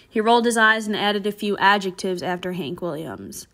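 A woman, a middle school English teacher, reading a novel aloud to her class with expressive storybook delivery. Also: mid-range voice, moderate pace, few pauses.

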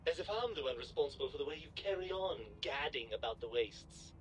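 A man's voice: a little high, expressive, a little fast, fairly bright tone, slight background noise, poor audio. A man voicing a pompous, sarcastic disembodied brain in a jar that talks down to its owner in a video game. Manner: sarcastic, fussy and condescending.

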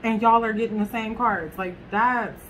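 A woman's voice: on the high side, fairly even intonation, moderate pace, fairly bright tone, a little hiss or hum. A woman reading tarot cards to camera in a chatty way, talking straight to her viewers and swearing casually. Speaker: tarot reader.

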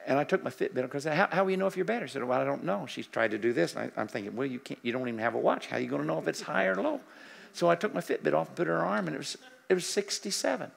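An older male preacher with a strongly gravelly, husky voice, pitched a little high for a man. He tells healing stories in an animated way, acting out both sides of the conversation. At times he sinks into quiet, murmured prayer. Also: racing. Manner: animated storytelling, acting out dialogue, drops to soft prayerful murmurs. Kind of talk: sermon. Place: church sanctuary.

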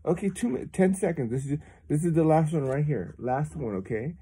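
A man's voice: on the high side, lively intonation, brisk, mellow, breathy edge. A man at home patiently teaching his child simple French phrases, repeating each one for the child to copy. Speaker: father teaching his kids. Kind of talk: casual home French lesson.

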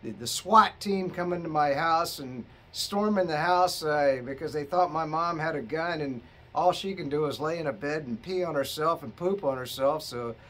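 A man's voice: a little high, moderate pace, hardly any pauses, fairly bright tone. A middle-aged man, a bit tipsy from drinking, telling a rambling, profane story to his viewers. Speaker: vlogger. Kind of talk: rambling casual monologue.

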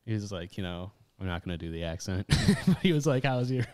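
A man's voice: deep voice, sing-song, fairly quick, darkish tone. Podcast host guy, easygoing, jokey story. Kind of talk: casual chat.

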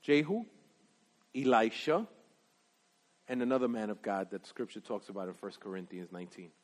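A man preaching a sermon, animated and emphatic, swinging from loud exclamations to hushed remarks. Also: on the low side, moderate pace. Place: church sanctuary. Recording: long hall reverb.

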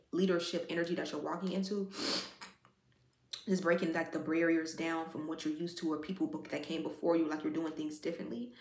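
Rambling woman card reader, echoey room. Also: sits low. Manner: rambling, filler-heavy, heartfelt, says "like" constantly. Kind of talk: casual spiritual card reading.

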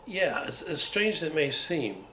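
A man's voice: a little high, sing-song, measured pace, bright, forceful tone. A man in his seventies with a London accent between upper-class and Cockney, reminiscing in an oral history interview, rambling with restarts. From England. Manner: rambling, with many restarts and repeats. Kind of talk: unscripted reminiscing. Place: museum room. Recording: roomy with faint hiss.

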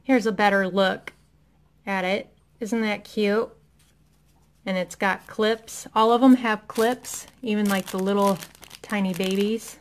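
A woman's voice: medium pitch, steady tone, slow. A middle-aged woman from Indiana chatting enthusiastically through a product haul at home, with many ums. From Indiana, USA. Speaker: haul vlogger. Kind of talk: casual product haul chat.

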